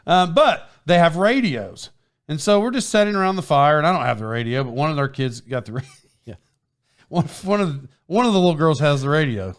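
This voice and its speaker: A man with a somewhat high voice tells a story on his podcast in loose, casual chat. He rambles, restarts his sentences and laughs as he goes, speaking into a microphone with a foam windscreen. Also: animated, fairly quick. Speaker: podcast host.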